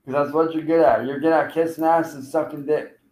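Trash-talking on his livestream, a man calls out a no-show rival over and over with taunts and curses. His slightly high voice has a darkish tone and fairly even intonation, moves fairly quickly, and echoes in the room.

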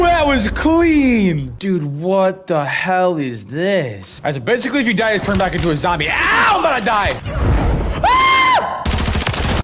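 Loud excitable young man gaming. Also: high voice, background noise. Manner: loud, excitable, crude, jokey, yelps and shouts. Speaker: gaming video creator. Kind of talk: casual gameplay commentary. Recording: game gunfire loud behind voice. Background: loud game gunfire.

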